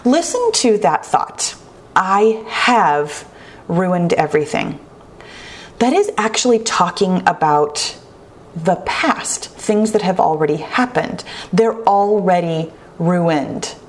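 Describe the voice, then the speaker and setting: A woman talks on her own in an earnest, self-reflective way. Her voice sits a little low, and she takes her time over each phrase. Now and then she breaks into lively asides to her listeners. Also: slow pace. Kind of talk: reflective solo podcast talk.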